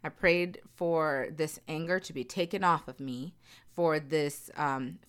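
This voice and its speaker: Low-voiced woman talking candidly to viewers. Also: a little slow, a bit bright, clean tone. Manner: earnest, emphatic, repeats phrases for emphasis. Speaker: vlogger. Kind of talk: candid personal talk to viewers.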